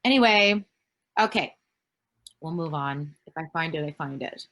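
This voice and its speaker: Speaking at a normal speed, this woman has a low-pitched voice with lively intonation and a fairly bright tone. She's a Canadian actress in her thirties fielding fan questions on a casual video-call panel, rambling, using lots of fillers, and swearing now and then.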